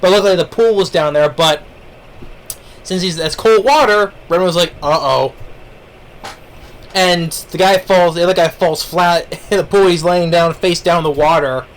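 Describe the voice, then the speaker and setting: A man's voice: sits high, moderate pace. A man giving a casual spoken review of an anime, rambling along with lots of fillers and restarts. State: eating while talking.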